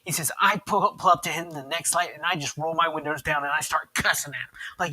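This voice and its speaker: A man's voice: on the high side, brisk, hardly any pauses, pushed and bright, poor audio. A man co-hosting a casual podcast chat, rambling through anecdotes and swearing freely. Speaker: podcast co-host.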